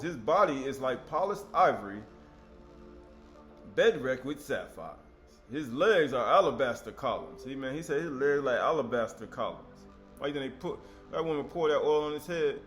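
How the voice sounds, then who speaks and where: A man's voice: medium pitch, lively intonation, measured pace, long pauses, soft background music. A man preaching an informal sermon, reading scripture and breaking into conversational asides and rhetorical questions.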